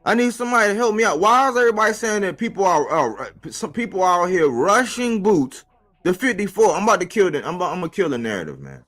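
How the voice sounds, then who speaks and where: A man giving a casual, slangy boxing commentary monologue for a live stream, animated and rhetorical, repeating his points. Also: high-pitched, quick pace. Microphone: live-stream mic.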